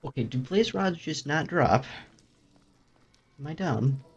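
A man's voice: animated, slow, a little hiss or hum. A young man commentating his own gameplay in a dry, rambling, self-mocking way. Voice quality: low gravelly voice. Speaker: gaming YouTuber. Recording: dull lo-fi mic.

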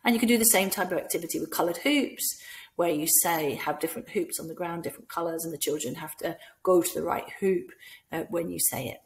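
Scottish lady walking nursery staff thru french routines, lowish voice, goes all sing-song on the questions. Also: brisk. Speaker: language teacher for nursery staff. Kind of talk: instructional talk for teachers.

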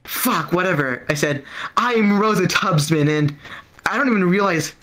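High-voiced stammering stand-up comic. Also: male voice, moderate pace, fairly bright tone, low-quality recording. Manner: rambling, stammering, profane, acts out quotes. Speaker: stand-up comedian. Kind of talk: open mic stand-up storytelling. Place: comedy club stage.

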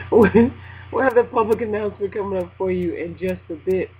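A woman hosting a casual gospel internet radio show, animated and joking, laughing often between lines. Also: medium pitch, unhurried. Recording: dull lo-fi home recording with faint noise.

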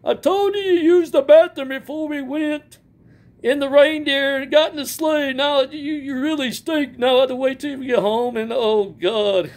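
A man's voice: very high-pitched, moderate pace, voice pushed up. A man voicing Santa Claus, a jolly, bossy old man who laughs "ho ho ho" and scolds his elf. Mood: disgusted.

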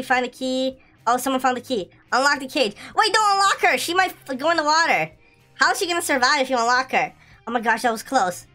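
A young woman giving excitable, giggly commentary while playing a video game. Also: high voice. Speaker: gaming channel host.

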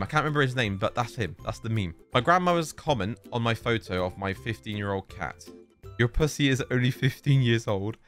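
Medium in pitch with a fairly bright tone, a young YouTuber reads social media posts aloud. His reactions are casual and exasperated, peppered with frequent exclamations.

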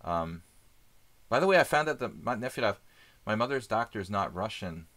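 A man streaming live chess, thinking aloud in casual commentary with many fillers and pauses. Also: on the low side, sing-song, fairly bright tone.

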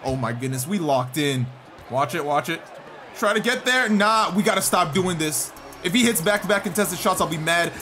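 A man with a high, bouncy voice calls out his basketball video game play, his pitch leaping around as he yells, groans and hypes himself up. Game music plays steadily underneath him. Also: normal speed. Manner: excitable, shouts and groans at the game. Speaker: gaming YouTuber. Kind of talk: excited gameplay commentary. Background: game music and sounds.

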